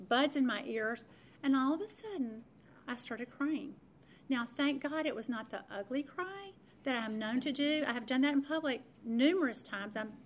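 Middle-aged woman, Christian talk host, chatty testimony, a touch high-pitched. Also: a little hiss or hum. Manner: chatty, self-deprecating, many fillers and restarts. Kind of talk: personal testimony storytelling.

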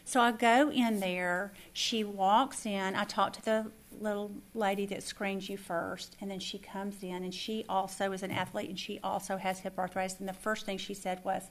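A middle-aged woman teaching a faith lesson, telling a personal story with lively acted-out dialogue. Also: mid-range voice, normal speed, hardly any pauses. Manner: animated storyteller who acts out quoted dialogue. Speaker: Bible study teacher.

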